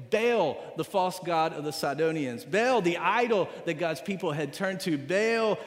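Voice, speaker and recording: A man preaching a sermon, retelling a story with dramatic swings between loud and hushed delivery and repeating phrases for emphasis. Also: a little high. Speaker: pastor. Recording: long reverb of a large hall.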